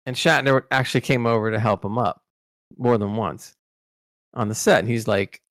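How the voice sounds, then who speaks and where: Male podcast co-host, mid pitch, rambling anecdotal storyteller, dry close mic. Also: moderate pace, fairly bright tone, dry recording. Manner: rambling storyteller, many restarts and fillers. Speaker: podcast co-host recalling celebrity interviews. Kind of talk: casual podcast chat.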